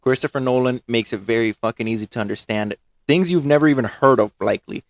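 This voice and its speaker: A man's voice: mid-range voice, fast, dry recording. A man co-hosting a casual film review podcast, blunt and joking, swearing freely. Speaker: podcast co-host.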